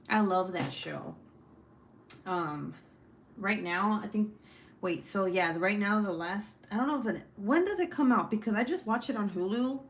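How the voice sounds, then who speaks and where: A woman's voice: fairly low pitch, roomy sound, a little hiss or hum. A woman in her forties hosting a casual livestream, chatting with viewers and reading their comments, swearing freely. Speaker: livestream host.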